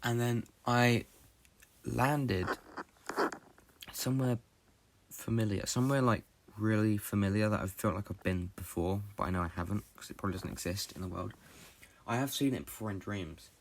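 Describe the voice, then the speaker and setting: A young man from Britain, a podcast host, telling a long dream story in a fast, rambling way with lots of swearing and fillers. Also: fairly low pitch, gravelly.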